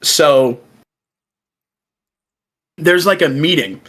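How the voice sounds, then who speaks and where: A young man co-hosting a podcast in casual chat, excitedly retelling events and acting out the quoted lines. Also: a little high, extremely slow, poor audio. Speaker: podcast co-host. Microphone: remote call.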